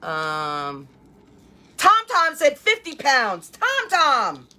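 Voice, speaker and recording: A woman's voice: sits high, wildly swooping pitch, drawn-out words, bright, forceful tone. A woman hosting a live crafting stream from home, chatting and greeting viewers by name as she works. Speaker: craft livestream host.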